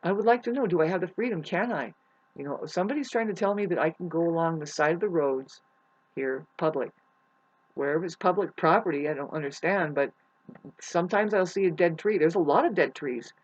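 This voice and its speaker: A woman with a somewhat low voice delivers a rambling spiritual monologue, swearing freely and restarting her sentences. She jumps between loud, heated outbursts and quiet, muttered asides. The recording sounds dull and lo-fi. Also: fairly quick. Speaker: astrology vlogger.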